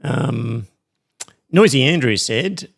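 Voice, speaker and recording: A middle-aged Australian man hosting a podcast in casual chat, rambling and reading listener messages with many pauses and ums. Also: medium pitch, expressive, gravelly. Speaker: podcast host.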